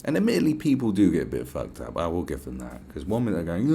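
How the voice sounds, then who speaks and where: A man's voice: low voice, very animated, very fast, gravelly, few pauses, warm tone, husky. A man with a British accent hosting a podcast, ranting in a casual, profane, sarcastic way. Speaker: podcast host.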